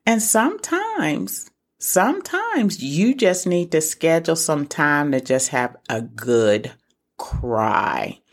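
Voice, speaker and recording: A woman's voice: low voice, big pitch swings, slow. A middle-aged woman hosting a casual solo podcast, talking earnestly and encouragingly straight to her listeners. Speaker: podcast host for single moms.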